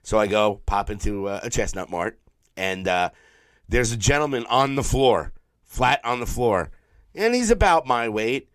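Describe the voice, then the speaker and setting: New man, podcast co-host, low-ish voice, tired throat, profane, animated storytelling, dry close mic. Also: a little slow, no echo. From New York. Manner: profane, animated storyteller who mimics people. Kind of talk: casual storytelling chat.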